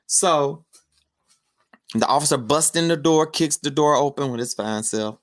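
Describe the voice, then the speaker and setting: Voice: medium pitch, measured pace. Chatty podcast host recapping a film. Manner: chatty, slangy storytelling with asides. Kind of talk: casual film review recap.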